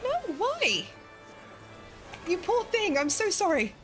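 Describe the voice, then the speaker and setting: Giggly high-voiced woman streamer. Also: sing-song, slow pace, over music. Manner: giggly, chatty, reads chat aloud. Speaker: game streamer. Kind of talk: casual live-stream chat.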